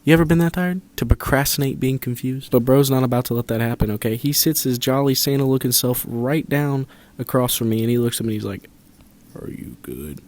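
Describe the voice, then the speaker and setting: A man telling a storytime commentary as a basketball YouTuber, sarcastic and animated, often asking the viewer rhetorical questions. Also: mid-range voice, fast talker.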